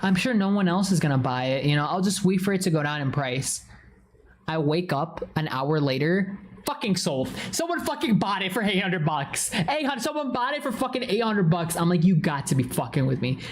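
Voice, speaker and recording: A woman's voice: normal speed, slight background noise. Foul-mouthed woman streamer chatting animatedly. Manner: swears constantly, animated storytelling with big pitch swings; greets chat viewers by name. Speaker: livestreamer. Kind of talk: casual livestream chat.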